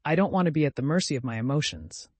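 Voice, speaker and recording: A man's voice: a little high, animated, fast talker, no echo. A man reading the part of a young man who is cold, bored and self-absorbed, speaking in a languid, dismissive way.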